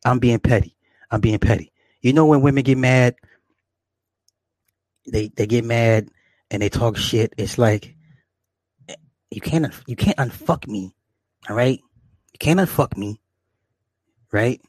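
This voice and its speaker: A man's voice: medium pitch, unhurried, pauses often, darkish tone, no room sound. A man delivering a profane, boastful comedic rant to his viewers, repeating himself and laughing often. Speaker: vlogger.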